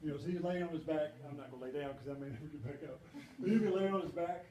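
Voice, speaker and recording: Racing along in a slightly high voice, a banquet speaker gives a humorous, story-driven presentation in a conversational tone, acting out the voices he quotes. A little hiss or hum accompanies the echoey hall's faint ambience.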